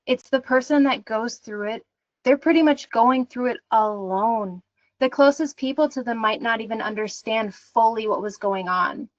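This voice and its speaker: A woman's voice: a little high, normal speed, no room sound, muffled recording. A woman hosting an online workshop, talking in an earnest, reassuring way and reading audience comments aloud over a video call. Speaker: workshop host. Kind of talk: encouraging online workshop talk.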